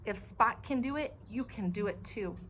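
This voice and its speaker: A woman's voice: fairly high pitch, moderate pace, fairly bright tone, slight background noise, lightly acted. A woman voicing a brave young girl who talks urgently and firmly, in a storybook reading. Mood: reassuring. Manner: urgent, commanding, raised voice.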